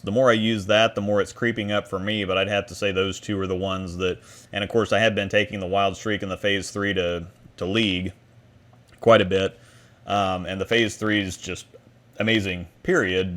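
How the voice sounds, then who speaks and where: Low-voiced man chatting on a stream. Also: fairly bright tone. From Midwest US. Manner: rambling, restarts phrases, answers chat questions. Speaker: stream host. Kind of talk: casual livestream chat.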